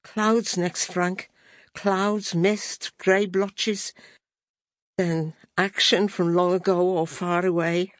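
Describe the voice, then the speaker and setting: A woman voicing an uneasy woman with second sight who talks to her dog in hushed, half-whispered asides, in an audiobook. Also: fairly low pitch, flat delivery, slow pace, dry recording.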